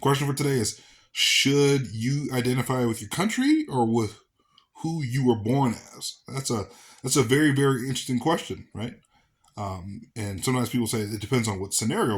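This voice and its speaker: A man from the American South talking casually to camera as a vlogger, rambling with fillers and restarts. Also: on the low side. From Southern United States.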